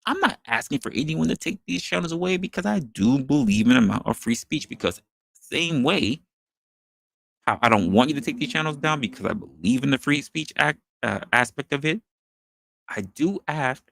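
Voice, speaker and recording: Gravelly, animated male opinion host. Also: mid-range voice, normal speed, no echo, clean studio sound. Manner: animated, rhetorical, questioning the audience. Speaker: podcast host. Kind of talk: opinion commentary monologue.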